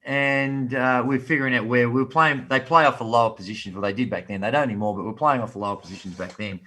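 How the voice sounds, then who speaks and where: An Australian man in his fifties, a podcast guest telling a long story in a relaxed, animated way with local slang. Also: medium pitch, fast. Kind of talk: casual storytelling.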